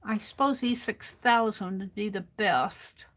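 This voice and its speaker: A woman's voice: mid-range voice, fairly bright tone, slight background noise. A woman hosting a casual crafting livestream, talking to herself as she works and drifting from the mic now and then. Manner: unhurried, muttering to herself while working.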